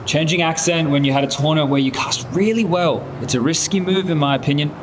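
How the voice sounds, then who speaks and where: A man with a slightly high voice scolds a colleague in anger, swearing as he goes. Street and traffic noise is clearly heard behind him. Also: quick pace. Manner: angry, scolding, heavy swearing.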